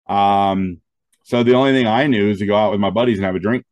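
A man's voice: fairly low pitch, fast talker, no echo. A man, a stand-up comedian, telling stories in an interview, full of quoted dialogue and frequent "um" fillers. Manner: animated anecdotes with quoted dialogue. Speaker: guest, stand-up comedian and show host. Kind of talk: storytelling interview talk.

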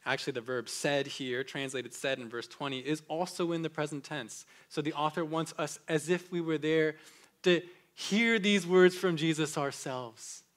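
A man pastor preaching a sermon, swinging between loud emphatic peaks and hushed low passages. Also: fairly even intonation, normal speed.

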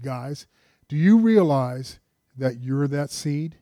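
A man's voice: a little high, animated, slow, warm tone, no echo, studio quality. A man preaching a conversational sermon, asking the congregation rhetorical questions and addressing them directly. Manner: addresses listeners directly and earnestly.

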